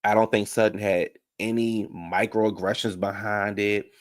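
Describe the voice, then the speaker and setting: A man's voice: fairly low pitch, level tone, unhurried. A man giving casual live-stream commentary on reality TV, chatty and opinionated, talking straight to his viewers.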